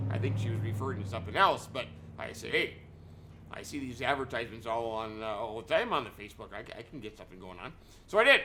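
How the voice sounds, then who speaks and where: A man's voice: mid-range voice, animated, a little fast, background noise. A man hosting a farming-game video, telling a rambling, joking story and correcting himself as he goes. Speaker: gaming channel host. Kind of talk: casual let's-play commentary.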